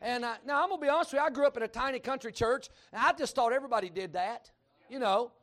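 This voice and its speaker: A middle-aged man with a Kentucky accent delivers a sermon as pastor, with a strikingly high voice. He tells folksy stories in an animated way and rises into shouts. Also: fast. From Kentucky, USA.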